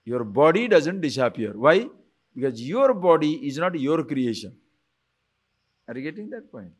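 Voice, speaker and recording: Male spiritual teacher, high-ish and very expressive, quizzes listeners with rhetorical questions, chants Sanskrit slowly. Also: husky. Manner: animated, asks listeners rhetorical questions, chuckles often. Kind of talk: spiritual lecture on scripture.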